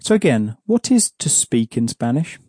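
Man, language teacher, mellow dark tone, patient explanations, dry close sound. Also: medium pitch, sing-song, moderate pace, husky, no echo. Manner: patient, explanatory, asks prompting questions. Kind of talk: audio language lesson.

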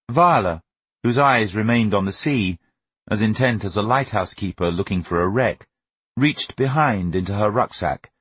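A man reading a novel aloud as an audiobook narrator, with an expressive, wry storytelling manner. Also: on the low side, breathy edge, no room sound. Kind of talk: scripted narration.

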